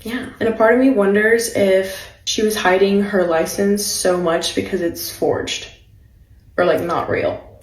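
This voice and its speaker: A woman's voice: mid-range voice, fairly even intonation, unhurried, reverberant, rough recording. A young woman telling a personal story in a casual vlog, chatty and laughing often, with lots of filler words.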